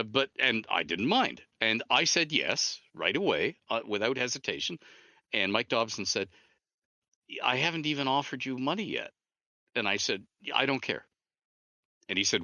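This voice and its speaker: A male guest tells stories in a lively, swooping voice with a bright, forceful edge. His pitch sits a little low, and the sound is close and dry. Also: dry recording. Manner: animated storyteller who acts out dialogue. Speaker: guest, author and game designer. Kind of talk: interview storytelling.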